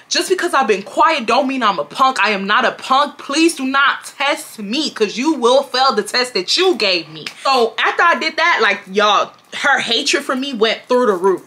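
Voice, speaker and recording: A young woman, animatedly retelling a work story with lots of swearing. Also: a little high. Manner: animated, profane, exasperated retelling. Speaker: vlogger telling a storytime. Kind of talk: casual storytime chat.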